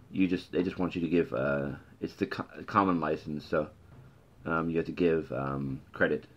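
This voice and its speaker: A man's voice: extremely low pitch, dull audio. A man hosting a casual podcast, reading comic book dialogue aloud with many fillers and self-corrections. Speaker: podcast host.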